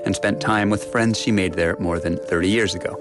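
Low-voiced male podcast host. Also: fairly even intonation, brisk, over loud music. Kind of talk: scripted narration.

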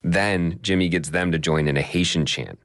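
A man narrating a scripted radio news feature as the reporter, in a measured storytelling way. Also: low voice, a bit bright, no room sound, studio quality.

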